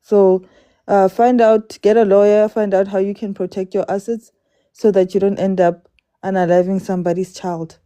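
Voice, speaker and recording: A woman's voice: mid-range voice, little pitch movement, normal speed, mellow, smooth, dry recording, muffled recording. A woman in a live-stream debate, firm and insistent, repeating herself to press her point.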